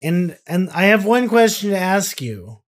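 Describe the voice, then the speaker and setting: A man's voice: high-pitched, big pitch swings, measured pace. Dry-humored man co-hosting a podcast. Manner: dry, jokey, leads the segment. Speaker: podcast co-host. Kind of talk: casual chat.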